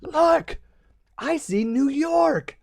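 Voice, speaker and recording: A man voicing an excitable little girl who cries easily, in a high squealing child voice. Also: measured pace, no echo, clean studio sound, full character voice. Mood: amazed.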